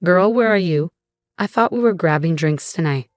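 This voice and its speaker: A woman reading as a brisk young best friend. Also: on the low side, lively intonation, no echo, studio quality, faint music behind, lightly acted. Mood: concerned.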